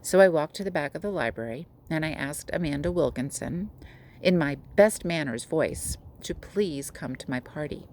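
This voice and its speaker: Low-voiced woman teacher reading aloud. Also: expressive, moderate pace, darkish tone, slight background noise. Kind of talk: reading a children's novel aloud.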